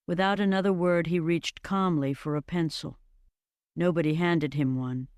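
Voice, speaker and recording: A narrator reading a fantasy story slowly and evenly, in a scripted storybook style. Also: mid-range voice, clear, resonant tone, dry recording, studio quality. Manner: slow, measured and even.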